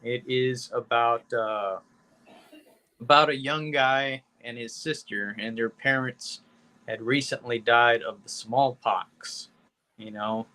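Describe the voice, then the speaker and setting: A man's voice: medium pitch, steady tone, slow pace, sharp tone. A man co-hosting a podcast, reviewing movies in a laid-back, rambling chat full of "you know" and casual swearing. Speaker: podcast co-host.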